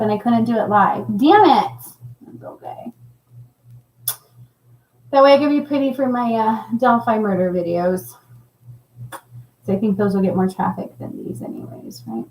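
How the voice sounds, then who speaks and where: A middle-aged woman hosting a casual livestream, chatting and reading viewer comments with a laughing, animated manner. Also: medium pitch, echoey room, poor audio. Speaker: livestream host.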